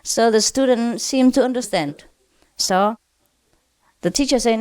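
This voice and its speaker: A woman spiritual teacher telling funny stories to a gathering, laughing often and pausing with "uh". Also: fairly high pitch, a little mellow. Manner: laughs often, with frequent "uh" pauses.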